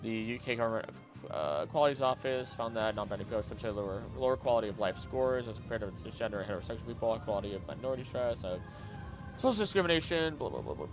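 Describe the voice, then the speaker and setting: A man streaming casually, skimming text aloud quickly with mumbled filler and breaking into loud, heated rants. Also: fairly low pitch. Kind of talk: casual live-stream chat, reading aloud.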